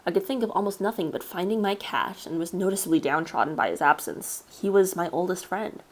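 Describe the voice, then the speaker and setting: A woman streamer reading a story aloud live, in a measured storytelling manner with casual asides. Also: on the low side, expressive. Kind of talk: live read-aloud narration.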